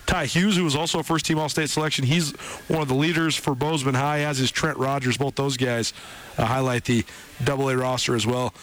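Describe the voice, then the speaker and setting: A man's voice: mid-range voice, steady tone, a little fast, a bit bright, low-quality recording. Male sports radio host with an average voice, loose and chatty delivery. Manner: conversational, loose, with frequent fillers and restarts.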